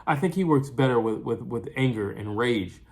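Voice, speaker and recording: A man in a casual recap monologue about a fight, speaking at an ordinary middle pitch. He is animated and repetitive, stacks "I don't understand why" lines, and keeps restarting with fillers. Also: normal speed. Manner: animated, repeats phrases, many fillers and restarts. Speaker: boxing commentator.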